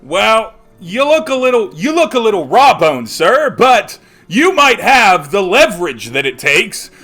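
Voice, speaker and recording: A man voicing a fawning male carnival game barker with stammering, flattering patter. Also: sits high, measured pace, faint music behind, exaggerated voice.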